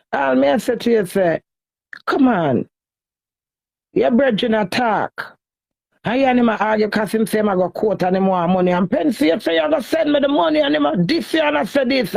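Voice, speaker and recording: A woman's voice: mid-range voice, creaky, a little mellow, no room sound, rough recording. A woman with a Jamaican Patois accent, venting in an emotional social media rant, pleading and repetitive as she swings between cussing and begging.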